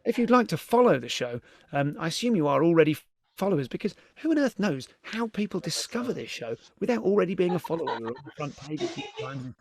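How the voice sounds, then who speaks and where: A middle-aged British man hosting a live comedy stream. He chats in a fairly high voice that swoops up and down, breaking into giggles and casual swearing. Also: very animated, quick pace, gravelly. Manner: chatty, giggly, swearing, greets viewers. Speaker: podcast host.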